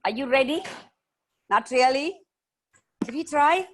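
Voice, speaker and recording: A woman tells stories to schoolchildren over a video call. She is lively and playful, breaking into chants, animal noises and laughter. Her delivery is expressive and engaging. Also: high-pitched, measured pace, a little hiss or hum. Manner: animated, playful, makes sound effects. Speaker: children's storyteller and author. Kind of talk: live storytelling session for children.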